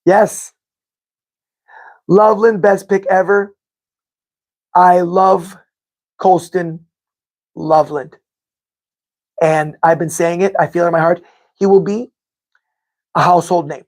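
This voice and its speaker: A man's voice: sits high, steady tone, slow, pauses often. A man hosting a live sports fan podcast, chatting casually with viewers, rambling and repeating himself as he corrects his own figures. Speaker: podcast host reading live chat.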